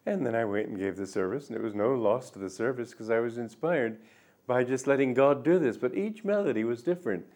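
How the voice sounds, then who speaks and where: An older man giving a reflective spiritual talk, speaking gently and musingly, with soft drawn-out endings. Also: mid-range voice, animated. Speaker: spiritual teacher.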